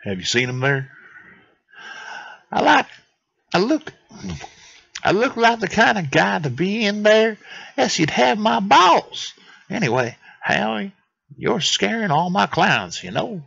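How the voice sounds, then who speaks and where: A man's voice: medium pitch, lively intonation, a little fast, few pauses, pushed and bright. A man voicing a boisterous, rambling male character who won't stop telling stories. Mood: evasive. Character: chatty male mountain-town friend, pushy storyteller. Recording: dull dry lo-fi mic.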